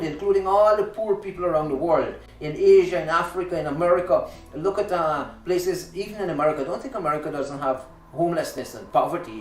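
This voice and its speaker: A man's voice: on the high side, echoey room, far from the mic, a little hiss or hum, poor audio. A man hosting a talk show, delivering an impassioned, indignant monologue with frequent restarts.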